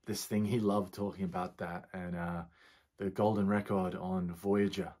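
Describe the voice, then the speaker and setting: A man giving relaxed, chatty reaction commentary as a physicist YouTuber, dropping slang and laughing often. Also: fairly low pitch, husky.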